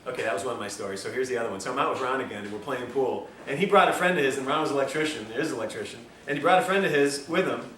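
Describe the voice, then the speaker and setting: A man's voice: medium pitch, rapid-fire, hardly any pauses, fairly bright tone. A man giving a health lecture to a live class, telling stories and acting out the dialogue, laughing often. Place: lecture room. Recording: echoey lecture room, distant mic, faint hiss.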